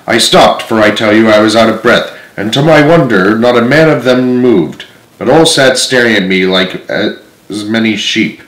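A man's voice: on the low side, normal speed, fairly bright tone, reverberant, low-quality recording. A man in his thirties reading a classic novel aloud, narrating steadily in the first person. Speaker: storyteller.

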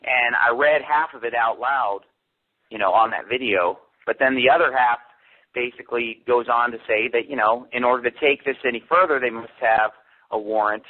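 Husky man telling his story over a phone line. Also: mid-range voice, normal speed. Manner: animated storytelling with quoted dialogue. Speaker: pastor, interview guest. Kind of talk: phone-in radio interview.

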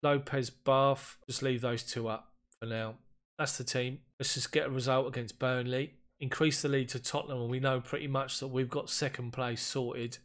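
A man giving casual commentary on a football management game, getting excited and frustrated as chances slip away. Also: mid-range voice, normal speed. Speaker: gaming YouTuber.

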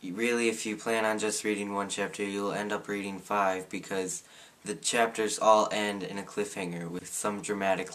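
Teenage guy, lowish voice, casual sarcastic book-review vlogger. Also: a bit bright. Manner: opinionated and sarcastic.

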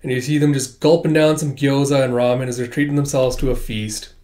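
A man's voice: medium pitch, brisk. Chatty man reading a comic aloud. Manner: chatty, excitable, crude. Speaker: comic reader. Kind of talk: casual comic read-along commentary.

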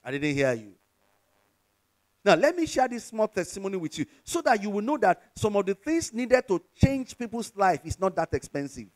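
A Nigerian pastor, a man, preaching a sermon with call-and-response to his congregation and slipping from English into Yoruba. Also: sits high.

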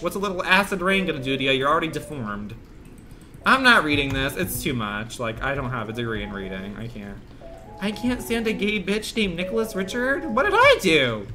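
A man streaming a horror game, muttering crude, sarcastic commentary in a deadpan way. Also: a little high. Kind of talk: casual let's-play commentary.

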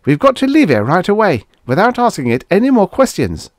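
A man's voice: high voice, huge pitch swings, fairly quick, no room sound, studio quality, pitched above the performer's own voice. A man voicing a frightened spaceman who pleads urgently in a raised voice. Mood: urgent, pleading.

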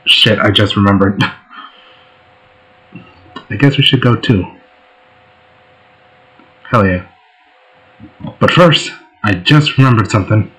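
A man's voice: fairly low pitch, takes it slowly, pauses often, fairly bright tone, rough recording. A man hosting a let's play, giving casual gameplay commentary in a laid-back, joking way.

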